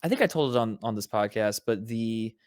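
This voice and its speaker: Podcast co-host dude on a video call, rambly, laughs and swears a lot, dry close sound. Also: male voice, lowish voice, lively intonation, fairly quick, no room sound. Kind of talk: casual chat.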